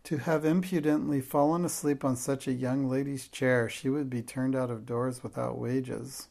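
A man narrates a classic children's story in a steady, measured way. His mid-pitched voice carries a clear gravelly grain throughout. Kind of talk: audiobook narration.

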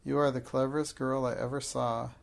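A man's voice: mid-range voice, little pitch movement, a little fast, gravelly, natural voice. A man reading the part of an eager, admiring young schoolgirl who gushes.

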